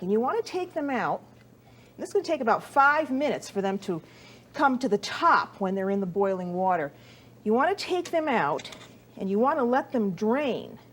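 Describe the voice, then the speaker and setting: A middle-aged woman hosts a cooking show in a studio kitchen, warmly chatting to viewers while she kneads dough. Her voice is a little high and slightly rough.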